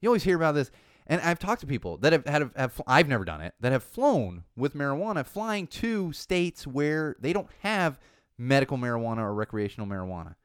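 Animated sarcastic male podcast host. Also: mid-range voice, a little fast, clear, resonant tone, no echo, studio quality. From California. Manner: animated, sarcastic, rambling with many asides. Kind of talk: casual podcast rant.

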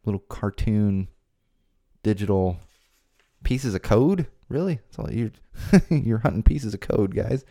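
Speaking from his home studio, this podcast host has a warm voice on the low side. He talks casually on his own, tossing in jokey asides and restarting as he rambles.

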